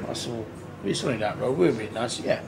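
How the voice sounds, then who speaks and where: A man spins a rambling, earthy tale in a casual, swearing way. His voice sits at an ordinary middle pitch. The on-location recording carries clear background noise. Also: expressive, fast. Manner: rambling, earthy storyteller who swears and acts out quotes. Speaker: tribute band singer. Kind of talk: casual anecdote.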